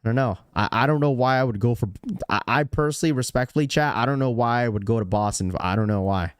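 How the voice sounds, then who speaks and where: A man's voice: mid-range voice, quick pace, clean tone, no echo. A young man hosting a casual livestream, reading out chat messages and rambling with lots of fillers and repeats. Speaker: livestream host.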